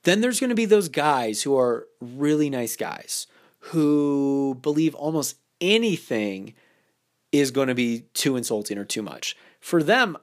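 A man in the middle of his range talks through dating advice on his podcast, loose and chatty with plenty of fillers. He keeps jumping into lively, playful voices to act out sample lines. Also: mid-range voice, unhurried. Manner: animated, acts out example lines in a playful voice; casual, loose phrasing with many fillers. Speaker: dating coach podcast host. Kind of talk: instructional podcast talk.

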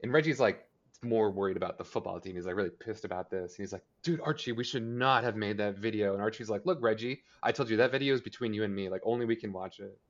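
Low-voiced man recapping, lo-fi audio. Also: fast talker, noisy background. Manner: rambling, filler-heavy, acts out character lines. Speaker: podcast co-host. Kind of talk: casual TV episode recap chat.

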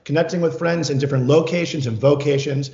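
A man's voice: on the high side, steady tone, fast, gravelly, warm tone. A man hosting a casual interview over a video call, chatty and enthusiastic, often laughing. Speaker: host. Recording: roomy, dull lo-fi sound.

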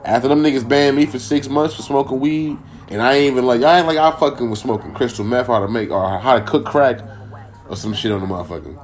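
A man from Minnesota hosts a solo podcast from home, loose, profane and joking as he rambles. His voice sits at an ordinary middle pitch. Faint music runs behind him. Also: fast. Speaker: podcast host. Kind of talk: casual solo podcast monologue.

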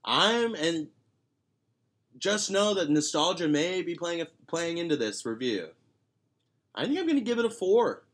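A man rambling and joking through a casual beer-review podcast, his pitch moving in lively swings from low to high. He drifts through his points with fillers and restarts, then lands a punchline. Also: measured pace, long pauses. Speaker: podcast co-host.

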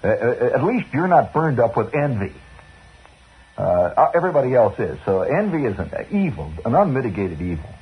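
A man's voice: mid-range voice, very animated, moderate pace, slightly rough. Man spinning a rambling radio yarn. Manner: chatty, digressive, chuckling asides. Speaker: radio host. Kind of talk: rambling storytelling monologue. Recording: dull old radio broadcast with faint hiss.

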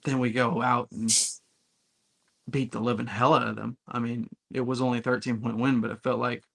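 Man, podcast co-host, emphatic, blunt, casual chat, middle pitch. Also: flat delivery, normal speed, vocal fry. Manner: emphatic, blunt, occasionally profane.

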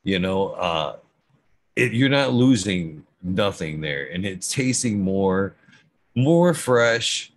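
On a casual podcast, a middle-aged cannabis grower chats about his growing, his deep voice moving in a slow, sing-song way. He tends to ramble and stutter, swearing frequently along the way.

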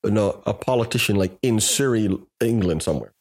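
A man's voice: on the low side, animated, a little fast, a little mellow, breathy edge. A man co-hosting a casual podcast, reading an article aloud with joking asides and frequent swearing. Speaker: podcast co-host.

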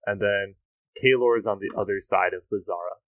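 A man's voice: lowish voice, fairly quick, dry recording, poor audio. Easygoing male game master, dry sound. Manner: relaxed, hesitant with many fillers. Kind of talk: narrating a tabletop game.

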